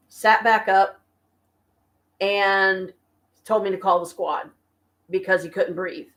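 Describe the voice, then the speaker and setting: A woman's voice: mid-range voice, steady tone, a bit bright. Weary woman venting at home. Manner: weary, venting, slow and halting. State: exhausted and stressed. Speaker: vlogger talking to viewers. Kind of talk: casual live-stream chat. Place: home apartment.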